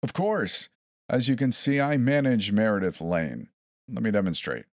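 This is a horror storybook villain, as a man puts him on: a cloaked keeper who sounds chillingly cheerful and coaxing. His voice sits well above the narrator's own low register, bright with false enthusiasm, and the recording is close and dry. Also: very animated, a little fast, no room sound. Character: cheerful sinister cloaked male manager.

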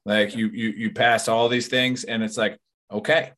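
A man's voice: on the low side, flat delivery, moderate pace, fairly bright tone. A man hosting a podcast in casual chat, rambling and profane, leaning on "like" and "you know". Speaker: podcast host.

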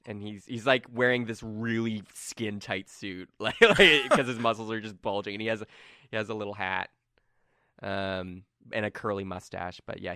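A man's voice: on the low side, pushed and bright, no echo, clean studio sound. A man narrating as game master in a casual, rambling way with lots of fillers.

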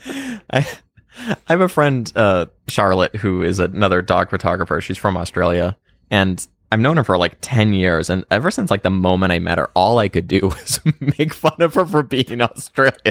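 A man's voice: sits low, big pitch swings, normal speed, dry recording, studio quality. A man co-hosting a comedy podcast, rambling and giggling through a story. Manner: rambling, giggly, lots of fillers. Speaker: podcast co-host. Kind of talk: casual comedy chat.

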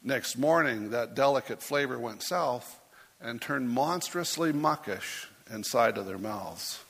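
A man's voice: mid-range voice, lively intonation, a little slow, fairly bright tone, breathy edge, in a large hall. A man preaching as a pastor, reading a rhyming story aloud in a playful way and putting on voices for the characters.

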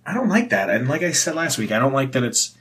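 A man's voice: mid-range voice, big pitch swings, quick pace, fairly bright tone, slight background noise. A young man co-hosting a podcast in casual chat, swearing freely and stammering through restarts as he tells stories. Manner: rambling, profane, stammers and restarts. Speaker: podcast co-host.

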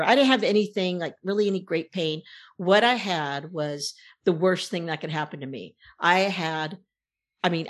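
A woman in casual conversation, telling a long personal story in an animated, rambling way. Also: on the low side.

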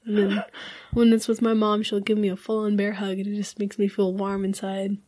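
A woman's voice: mid-range voice, monotone, fairly quick, dark tone. Chatty young woman, rambling storyteller. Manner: rambling, many fillers, laughs often. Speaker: group chat participant. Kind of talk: casual group conversation.

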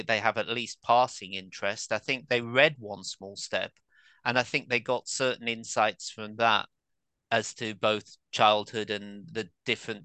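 An English author and academic in his fifties, appearing as a guest, speaks in a low-leaning, sharp, clear and resonant voice with no echo. The interview is casual and conversational, and he is self-deprecating, full of asides and fillers.

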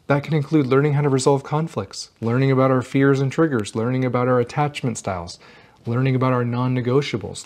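Guy doing a relationship advice talk to camera, earnest, leans on key lines, normal pitch. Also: darkish tone. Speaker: relationship channel host.

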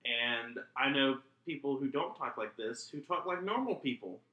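A man's voice: mid-range voice, animated, moderate pace, reverberant, narrow, tinny audio. A man co-hosting a podcast, chatting casually in a sarcastic, exasperated way. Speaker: podcast co-host. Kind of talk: casual chat.

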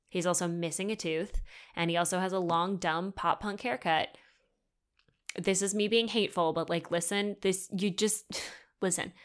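A young woman hosts a podcast on her own and tells a personal story. She speaks candidly, swears freely and acts out the dialogue. Her voice is bright and clear. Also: lowish voice. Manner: candid, swearing, animated retelling with quoted dialogue. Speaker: podcast host. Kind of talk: solo storytelling chat.

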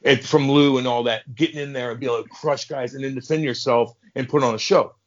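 A former hockey enforcer, appearing as a podcast guest, tells stories casually and profanely in a mid-range voice. He talks fast and stays animated, acting out the voices of the people in his tales. The sound is lo-fi.

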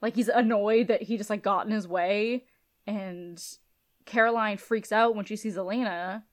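A woman co-hosting a podcast, casually recapping a TV episode and acting out characters' lines in a lowered, quiet voice. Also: normal speed. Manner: animated retelling, acts out lines in low soft voices. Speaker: podcast co-host.

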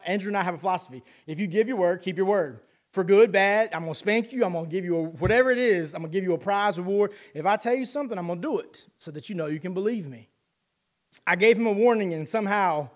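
A male pastor with a fairly high voice preaches in a loose, conversational way. He moves between reading scripture aloud and telling stories about his children, with a relaxed, easy delivery. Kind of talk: sermon.

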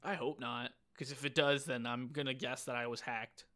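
A man's voice: mid-range voice, steady tone, normal speed, bright, forceful tone. A young man co-hosting a casual podcast, rambling and swearing, with "like" in nearly every phrase. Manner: rambling, profane, full of "like". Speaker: podcast co-host.

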